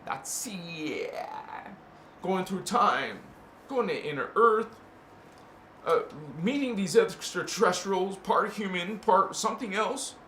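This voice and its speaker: A man hosting a casual spiritual talk to camera, playful and slangy, swinging between loud bursts and hushed murmurs and chanting made-up syllables. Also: sits high, unhurried. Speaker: spiritual channel host. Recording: echoey room with faint ambient noise.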